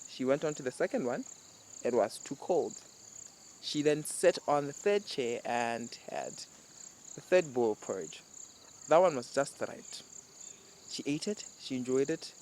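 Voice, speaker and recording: Relaxed man. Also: medium pitch, slight background noise. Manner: relaxed, rambling, self-correcting. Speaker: host. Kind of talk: casual storytelling and reflection.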